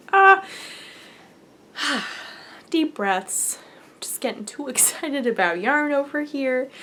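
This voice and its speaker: A woman hosting a casual podcast and showing things to the camera. She gushes excitedly and often drops to a near whisper. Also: on the high side, a little hiss or hum. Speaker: podcast host.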